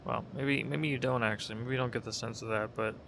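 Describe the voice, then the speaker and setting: Commenting live as he flies in a game, a young male gaming creator sounds half awake, rambles, and corrects himself along the way. He speaks at a quick pace in a mid-range voice with vocal fry and a steady tone, over a noisy background.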